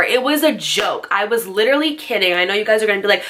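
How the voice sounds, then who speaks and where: A woman's voice: medium pitch, lively intonation, fast talker, bright, forceful tone. A young woman telling a storytime vlog in a chatty, sarcastic way, full of fillers. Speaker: storytime vlogger. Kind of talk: casual storytelling.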